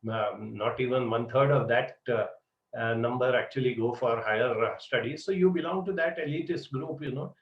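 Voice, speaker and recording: A man giving students advice, telling an animated story full of "uh" and "you know". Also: medium pitch, moderate pace. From India. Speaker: psychology mentor. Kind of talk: advisory talk with storytelling. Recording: roomy, distant, dull lo-fi sound.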